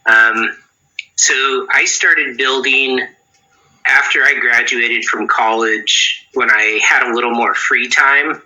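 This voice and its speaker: A man's voice: mid-range voice, steady tone, slow pace, sharp tone, poor audio. A man around forty, a guitar pedal builder, giving rambling interview answers with many restarts.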